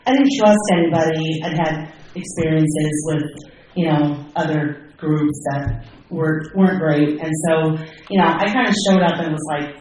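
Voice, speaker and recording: A woman's voice: low-pitched, a little slow, darkish tone, very echoey, recorded from a distance, slight background noise, rough recording. A woman sharing her personal recovery story in a candid, self-deprecating way, with many fillers and restarts. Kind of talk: personal testimony.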